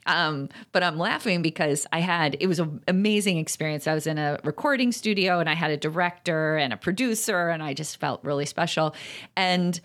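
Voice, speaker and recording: A middle-aged woman co-hosting a parenting talk, speaking emphatically and jumping up in pitch on key points. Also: fairly quick, a bit bright. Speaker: podcast co-host, parenting author. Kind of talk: casual conversational chat.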